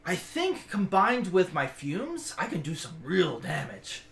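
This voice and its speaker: A man voicing an eccentric woman alchemist who talks in a quick, excitable, curious way, in an echoey room. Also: high voice, vocal fry, a little hiss or hum, exaggerated voice. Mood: eager. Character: eccentric female alchemist fascinated by explosives.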